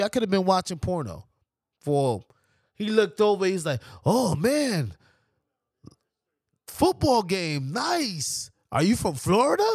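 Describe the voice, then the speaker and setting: A New man spins a story in a high, bouncing voice that swings all over the place. He is profane and animated, and he mimics the people in his tale. The sound is dry and close. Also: no echo. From New York. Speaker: podcast guest. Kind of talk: casual storytelling.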